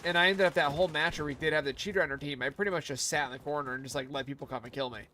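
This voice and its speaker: Brief: male gaming streamer, slightly high voice, rambling and profane, gunfire clear in the background. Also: steady tone, very fast, pushed and bright, slight background noise. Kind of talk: casual gaming commentary. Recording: gameplay with clear gunfire behind. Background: game gunfire.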